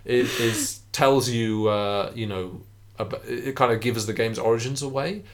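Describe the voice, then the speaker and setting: A man co-hosting a podcast, talking casually about a game with frequent restarts and fillers. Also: mid-range voice. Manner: halting, many restarts and fillers. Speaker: podcast co-host.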